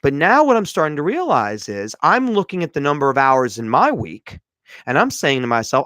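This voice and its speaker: A man's voice: on the high side, sing-song, moderate pace, a bit bright, dry recording. A man hosting a motivational podcast stream, talking to viewers in an emphatic, lecturing way and repeating his points. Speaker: podcast host. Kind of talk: motivational livestream talk.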